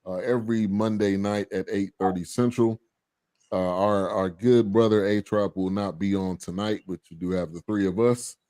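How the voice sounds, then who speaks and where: A man hosts a casual online show. He talks in a relaxed, loose way, with many fillers and easy laughs. The sound is dry and close. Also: lowish voice, normal speed, no room sound. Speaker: host. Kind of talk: casual podcast chat.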